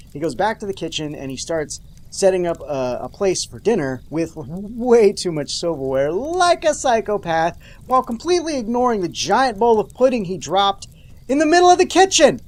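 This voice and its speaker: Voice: mid-range voice, a little mellow. A show host giving a comedic, sarcastic recap of a TV episode, with mock-dramatic outbursts and jokey asides to the viewers.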